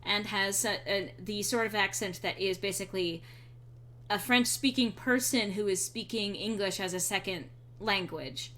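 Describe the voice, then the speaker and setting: A young adult woman chatting casually while streaming a role-playing game, rambling and clearing her throat now and then. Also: mid-range voice, normal speed, a bit bright. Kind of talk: casual gameplay commentary.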